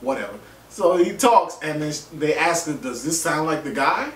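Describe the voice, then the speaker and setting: This vlogger, whose voice is fairly high and moderately paced, jokes and swears his way through an animated TV episode recap, performing the characters' lines. The sound is roomy with faint ambience, captured from a distant microphone.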